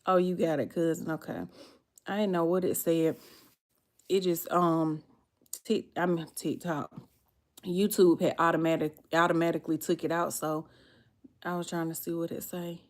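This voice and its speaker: A woman's voice: fairly low pitch, steady tone, normal speed, long pauses. Woman, southern us accent, live stream host, chatty, talks back to the comments. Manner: chatty, reads and answers viewers' comments. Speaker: livestream host. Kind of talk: casual livestream chat.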